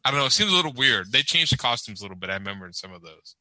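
Bright-voiced chatty man on a podcast. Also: mid-range voice, rapid-fire, dry recording, low-quality recording. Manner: rambling, animated, laughs often. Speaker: podcast co-host. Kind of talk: casual chat.

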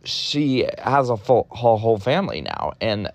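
A young man from Ohio talks straight into the mic in a low voice, recorded dry and close. He is blunt, profane and openly exasperated, tossing off quick sardonic asides as he hosts his solo podcast. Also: very animated, vocal fry, no echo. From Ohio, USA. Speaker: podcast host. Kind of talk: candid solo podcast monologue.

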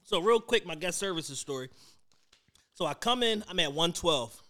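A man co-hosting a podcast, telling a story in casual chat, animated and profane, acting out other people's lines. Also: high voice, normal speed. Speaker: podcast co-host.

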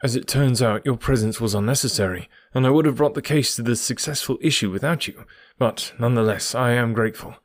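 A man's voice: mid-range voice, fairly quick, no echo, clean studio sound, lightly acted. A man reading the part of a stern, self-satisfied police inspector with an officious manner.

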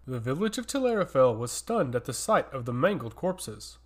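A man's voice: medium pitch, big pitch swings, moderate pace. A man reading a fantasy story aloud as the narrator, in a dramatic storytelling manner.

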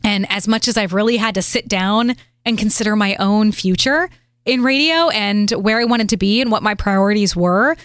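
A woman's voice: medium pitch, moderate pace, no room sound, clean studio sound. Earnest, articulate woman radio host. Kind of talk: casual interview chat.

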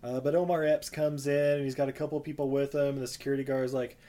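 A man co-hosting a podcast in a casual movie recap chat. He rambles through the plot with asides and laughs often. His pitch sits in the ordinary middle range for a man. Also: little pitch movement, fast talker, dark tone. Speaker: podcast co-host.

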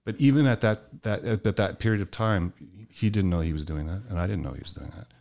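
A man in casual conversation, telling personal stories with swearing and animated acted-out quotes. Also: deep voice, fast, gravelly. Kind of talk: candid conversational storytelling.

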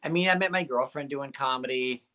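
Bright-voiced man telling stage stories. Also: medium pitch, brisk. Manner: rambling, lots of "like" and fillers. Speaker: comedian guest. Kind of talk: casual storytelling interview.

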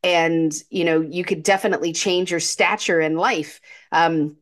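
A woman's voice: fairly low pitch, steady tone, moderate pace. A woman co-hosting a casual podcast about a film, talking chattily with laughs, fillers and restarts. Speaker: podcast co-host.

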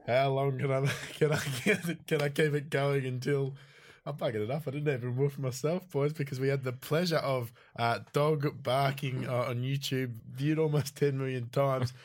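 Man, podcast host, rambling, jokey, giggling, everyday pitch. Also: steady tone, moderate pace. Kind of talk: casual chat.

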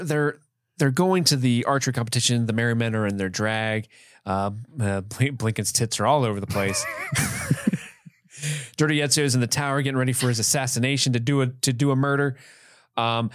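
A man's voice: medium pitch, brisk, dry recording, studio quality. Casual man recapping a film. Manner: recaps scenes with acted-out quotes and laughs. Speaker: podcast co-host. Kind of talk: casual film review chat.

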